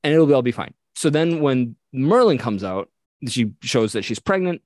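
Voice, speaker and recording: A man in the middle of a lively retelling on a podcast, jumping into little voices for the characters as he goes. His pitch sits mid-range and the sound is close and dry, with no room around it. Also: moderate pace, no room sound. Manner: animated retelling, acting out quoted characters. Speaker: podcast co-host. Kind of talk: casual storytelling chat.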